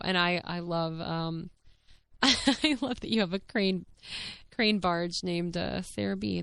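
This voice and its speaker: A young woman hosts her own podcast in a loose, candid way, reading listener notes aloud and laughing between them. Her voice is bright, clean and smooth, and the recording is close and dry with no room echo. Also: fairly low pitch. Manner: chatty and candid, many fillers, frequent laughs. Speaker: podcast host. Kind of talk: casual solo podcast, reading listener comments.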